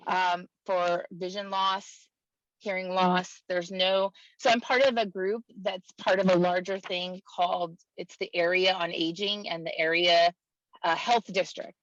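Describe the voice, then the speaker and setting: A woman's voice: medium pitch, fairly even intonation, measured pace, no room sound. A woman joining an online talk show as a participant, chatty and a bit hesitant, with many restarts. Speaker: participant, caregiver. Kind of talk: casual video-call chat. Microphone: video call audio. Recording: dry lo-fi video call audio.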